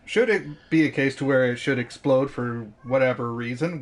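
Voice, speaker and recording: A man's voice: mid-range voice, normal speed. A man running a tabletop game as game master, rambling and slipping in laughs often. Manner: rambling, keeps saying "means of", laughs a lot.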